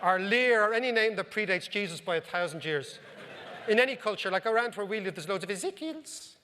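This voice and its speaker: A high-voiced Irish man spins wry, anecdotal stories for a live audience at a club. His talk rings with a long reverb from the hall. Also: animated, fairly quick, sharp tone, a little hiss or hum. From Ireland. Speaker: economic commentator, speaker. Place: club function room.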